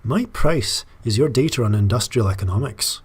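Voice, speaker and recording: A man voicing a proud, formal woman leader in a put-on Scottish accent, reading game dialogue aloud in measured diplomatic phrases. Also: medium pitch, lively intonation, breathy edge. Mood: formal, stern.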